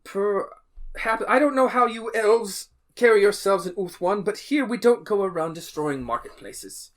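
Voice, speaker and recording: A man's voice: high-pitched, expressive, a little slow, voice pushed up. A man putting on a haughty fantasy judge. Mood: scolding. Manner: haughty, scolding. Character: stern male judge of a fantasy court.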